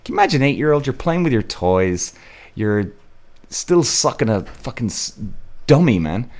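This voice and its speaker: A man's voice: mid-range voice, sing-song, moderate pace, darkish tone. A man from Cork with an Irish accent, hosting a live podcast and reading viewers' comments, blunt and exasperated, swearing freely. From Ireland. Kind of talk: casual live-stream chat.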